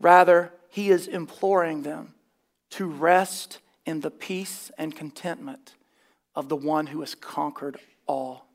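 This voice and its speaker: A man's voice: a little high, steady tone, slow, vocal fry. A man preaching a sermon, emphatic and dryly scornful, mixing plain teaching with wry asides. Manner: emphatic, scornful of false teaching, dry humor.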